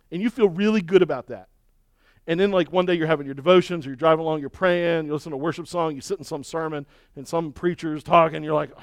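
A man's voice: on the high side, fast, dry recording, clean studio sound. Emphatic folksy pastor man preaching. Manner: emphatic and folksy, with rhetorical questions and repetition. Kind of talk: sermon.

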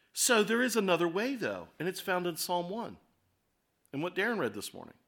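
Bright-voiced pastor preaching conversationally. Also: male voice, high-pitched. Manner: conversational, explains and reads scripture aloud, shifts pace for emphasis. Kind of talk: sermon.

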